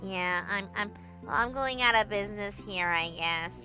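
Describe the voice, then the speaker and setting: A woman's voice: mid-range voice, moderate pace, pushed and bright, soft background music, pitched below the performer's own voice, natural voice. A woman reading as a friendly shopkeeper closing down her store, talking casually and hesitantly. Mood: wistful.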